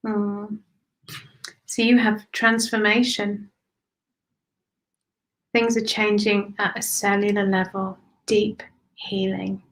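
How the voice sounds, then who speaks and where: A woman gives intuitive card readings to viewers in a calm, unhurried voice. She repeats phrases softly and often sinks into near-whispers. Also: mid-range voice, slight background noise, poor audio. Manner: soothing, slow, repeats phrases, drops to whispers. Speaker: spiritual reader giving card readings. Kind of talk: live-stream intuitive reading.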